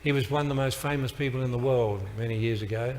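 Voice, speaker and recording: A fast-talking man with a mid-range voice addresses a live audience in a large hall as a motivational speaker. He tells stories packed with emphatic, punchy one-liners, and the recording carries hall reverb and faint noise.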